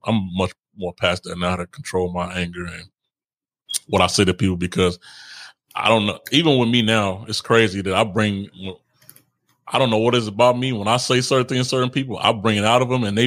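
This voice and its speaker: Podcast co-host, male, low voice, dry close sound, laughs a lot, casual slang. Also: steady tone, fast talker, a bit bright, no room sound. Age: adult, older than co-host. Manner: laughs often, slangy and repetitive. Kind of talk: casual relationship chat.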